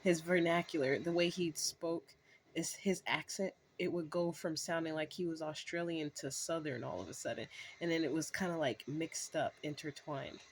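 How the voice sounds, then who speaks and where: A woman's voice: low voice, fairly even intonation, moderate pace, slight background noise, low-quality recording. A woman in her thirties telling a rambling story to camera, full of fillers and restarts. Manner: breaks into laughs. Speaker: vlogger. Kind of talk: casual storytelling monologue.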